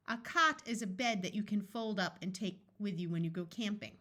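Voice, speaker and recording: A woman with an American accent teaching a phonics lesson, slowly sounding out letters and blending them into short words for young readers. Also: mid-range voice, expressive, bright, forceful tone. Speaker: reading tutor.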